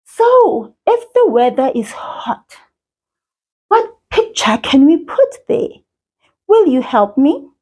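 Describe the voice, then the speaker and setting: Woman, children's language teacher, high voice, slow sing-song delivery aimed at a child viewer. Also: sing-song, dark tone. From South Africa.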